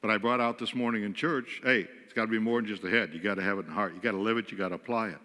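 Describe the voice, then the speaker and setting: A guest speaker from western New York tells wry, self-mocking stories about married life from the pulpit. His voice is bright and forceful. It rings with the long reverb of a church sanctuary. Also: on the low side, racing. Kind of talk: humorous storytelling sermon.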